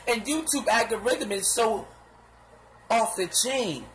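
A man giving casual, animated gossip commentary in slangy talk, laughing and acting out what others said. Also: sits high, slow pace, background noise. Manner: sound effects and repeated filler phrases.

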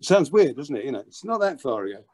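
An older man, telling a childhood story as an interview guest, lively and full of restarts and repeated words. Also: mid-range voice, quick pace. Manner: animated, repeats words while acting out a story. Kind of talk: anecdotal storytelling.

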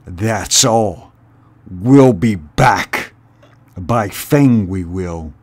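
A man's voice: fairly low pitch, expressive, drawn-out words, darkish tone, full character voice. A man voicing an abusive, raging male rat villain in a storybook reading, snarling and cackling.

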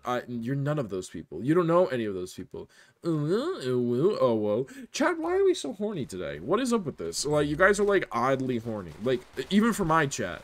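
Lively, jokey young streamer man. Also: medium pitch, normal speed. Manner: animated, jokey, reads chat aloud, often laughs. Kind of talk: casual live-stream chatter while gaming.

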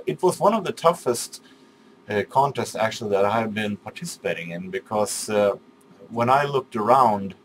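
Low-voiced man, halting speech. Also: slight background noise. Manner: halting, many fillers and restarts; polite and apologetic. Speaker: YouTube channel owner. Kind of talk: casual video message.

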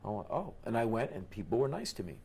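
A middle-aged man from the United States telling stories in an interview in an animated way, quoting the people he met. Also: mid-range voice, fast, gravelly, husky. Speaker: interview guest.

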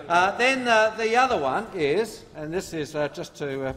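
Speaking at a moderate pace, this Australian MP has a high, expressive, slightly bright voice. He argues combatively in debate and quotes directly from the rulebook. The sound carries the long reverb of a large parliament chamber.

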